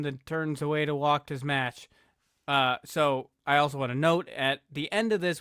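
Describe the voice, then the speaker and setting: A man's voice: on the high side, fairly bright tone, clean tone, no echo, studio quality. A man hosting a podcast who casually narrates wrestling segments, self-correcting as he goes. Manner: laid-back, stumbles and self-corrects, self-deprecating.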